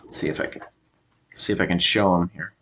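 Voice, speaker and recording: An American man giving a casual review monologue, often pausing and restarting as he searches for words. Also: deep voice, a bit bright, a little hiss or hum. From United States. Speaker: show reviewer.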